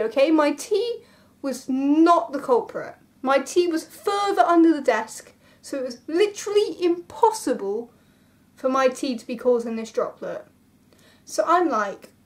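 High-voiced woman telling a dramatic story. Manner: animated, dramatic storytelling with rhetorical asides. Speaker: vlogger. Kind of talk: casual storytelling.

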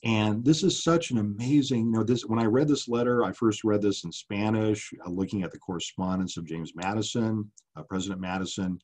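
Middle-aged male author at a lectern, low and husky, earnest and impassioned, filler-heavy delivery. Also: a little fast, few pauses, darkish tone. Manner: earnest, impassioned, many ums and uhs. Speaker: author giving a public talk. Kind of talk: public lecture with slides.

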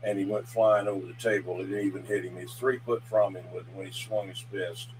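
A man chatting casually and calling out loudly over a CB radio. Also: sits low, fairly even intonation, fairly quick, poor audio. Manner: folksy, calls out loudly over the air. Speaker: CB radio operator. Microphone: CB radio handset. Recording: CB radio with loud static.

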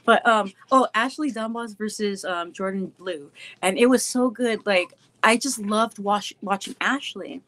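A woman's voice: mid-range voice, measured pace, fairly bright tone. A woman hosting a casual live-stream chat with viewers, bubbly and giggly, breaking off to coo at her dogs. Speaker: show host chatting with viewers.

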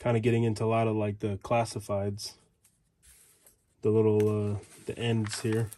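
Guy reading old ads out loud, mellow voice, chatty little asides. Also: on the low side, completely flat delivery, moderate pace. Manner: reads headlines aloud in fragments with offhand asides. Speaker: reseller flipping through old magazine ads. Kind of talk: casual commentary reading old ads aloud.

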